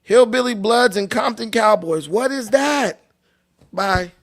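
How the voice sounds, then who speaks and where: A man with a strikingly high voice and a gravelly edge tells stories in a loose, profane, joking way. He from Long Beach and talks like a livestream host. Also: takes it slowly. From Long Beach, California. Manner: loose, profane, laughing storyteller. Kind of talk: casual storytelling.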